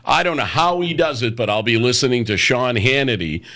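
A middle-aged man hosting a call-in radio talk show, chatty and quick to laugh. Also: medium pitch, lively intonation, pushed and bright. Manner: chatty, laughs easily, repeats phone number.

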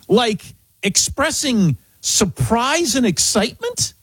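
Man, radio co-host, excitable banter with lots of pitch movement, dry close mic. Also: moderate pace, slightly rough, dry recording. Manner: animated, excitable, repeats himself.

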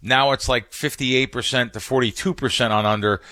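A man with a bright, forceful voice talks through betting like a seasoned pro on a podcast. He stumbles and restarts mid-sentence, then drives his points home with emphatic stories. The recording is dry and close, with no room sound. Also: mid-range voice, fairly even intonation, moderate pace, no room sound. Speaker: professional sports bettor, guest. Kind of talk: casual podcast conversation.

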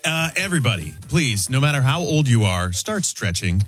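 A man's voice: medium pitch, sing-song, moderate pace, soft background music. A man on a radio show giving sheepish advice about stretching. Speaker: show regular. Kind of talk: casual radio chat.

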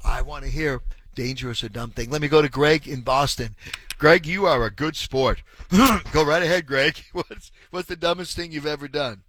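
On his call-in radio show, the host, a man in his sixties, rambles through a lengthy anecdote, chuckling and saying um throughout. He speaks at normal speed in a somewhat high, slightly bright voice, with no echo.

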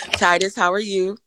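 A woman from the Chicago suburbs presenting a segment on a morning show, cheerful and quick to laugh. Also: medium pitch, sharp tone, a little hiss or hum. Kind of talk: casual morning show banter.

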